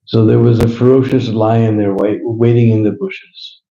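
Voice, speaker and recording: A man's voice: fairly low pitch, level tone, normal speed, creaky, mellow. A man telling a devotional story in a chatty way, adding chuckles and questioning "hmm?" asides, in a roomy, slightly dull live recording. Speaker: devotional speaker.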